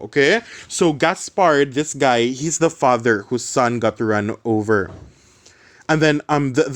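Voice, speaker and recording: A man reading a classic novel aloud and explaining it casually to students, slipping in Cebuano words. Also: mid-range voice. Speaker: literature teacher.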